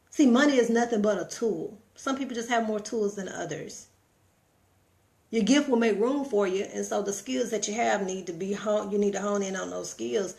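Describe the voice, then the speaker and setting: A woman's voice: medium pitch, fairly bright tone. Texan woman giving a preachy pep talk. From Texas. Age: middle-aged. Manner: preachy and repetitive, with rhetorical questions. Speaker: vlogger. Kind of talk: motivational live-stream monologue.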